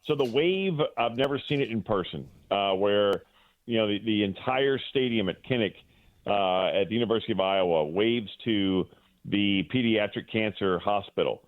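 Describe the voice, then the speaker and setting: A man's voice: on the low side, moderate pace, dry recording. Middle-aged man rambling over a tinny phone line. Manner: rambling, full of fillers and restarts. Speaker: guest sports broadcaster. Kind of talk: emotional phone-in storytelling.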